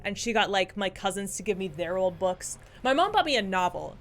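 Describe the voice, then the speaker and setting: A woman's voice: mid-range voice, big pitch swings, fairly quick. A young woman co-hosting a stream, telling candid stories with casual swearing and laughter. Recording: faint music underneath.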